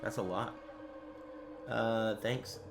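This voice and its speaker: A man's voice: fairly low pitch, fairly even intonation, very slow, gravelly, music in the background. A man streaming live, chatting casually with crude, joking, rambling banter. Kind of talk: casual livestream chat.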